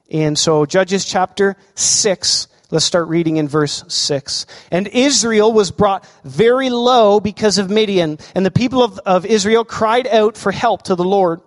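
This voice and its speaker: High-voiced man preaching in a hall. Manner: animated preaching, asks the crowd questions. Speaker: pastor. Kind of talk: sermon.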